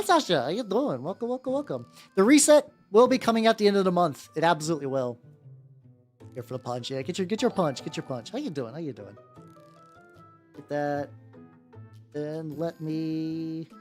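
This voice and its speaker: A man's voice: a little high, darkish tone. A man chatting casually on a live stream while painting miniatures, rambling with many restarts, swearing now and then and greeting viewers as they arrive.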